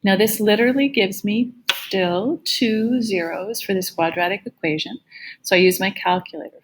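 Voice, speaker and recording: A woman math teacher giving a recorded lecture with a slightly gravelly voice, explaining each step patiently. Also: mid-range voice, normal speed, rough recording.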